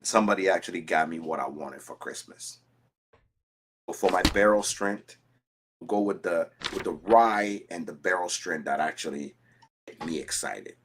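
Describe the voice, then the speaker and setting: A man chatting casually as a contestant on a whiskey show, animated and telling personal stories with frequent restarts. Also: sits low, moderate pace, a little hiss or hum. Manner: animated, storytelling with repeated restarts. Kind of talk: casual chat.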